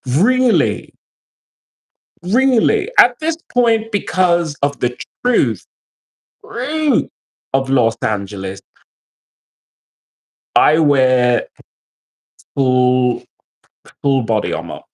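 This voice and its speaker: Animated profane man ranting on stream. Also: mid-range voice, slow pace, long pauses. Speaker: livestreamer and military veteran. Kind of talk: live-stream rant to chat.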